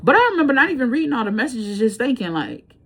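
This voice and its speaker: Woman, fairly high voice, blunt casual storytelling, swears freely. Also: fast talker. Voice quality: blunt, profane, animated storytelling. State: breathing hard. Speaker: tarot reader.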